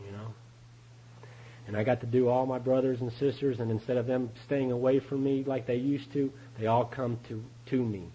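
Husky middle-aged man telling his recovery story. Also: medium pitch, fairly even intonation, brisk, warm tone, lo-fi sound. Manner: folksy, confessional, often laughing, acts out quoted voices. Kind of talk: AA speaker talk, storytelling.

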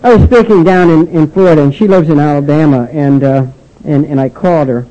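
An older man giving a personal testimony speech about his recovery, halting and restarting often with "and, uh". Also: a little high, warm tone. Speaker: speaker sharing his recovery story. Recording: dull lo-fi recording.

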